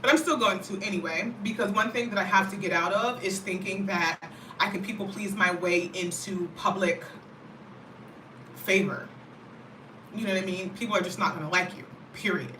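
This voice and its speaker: An American woman chatting casually to camera as a vlogger, animated and talkative, often checking in with "you know what I mean". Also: medium pitch, moderate pace, slight background noise. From United States. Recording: roomy, mic at a distance.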